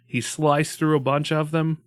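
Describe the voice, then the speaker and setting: A man's voice: a little high, level tone, a little slow, no room sound, studio quality. A laid-back man co-hosting a gaming podcast, chatting casually and swearing freely. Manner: laid-back, swears often, laughs easily. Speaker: podcast co-host. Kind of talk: casual chat.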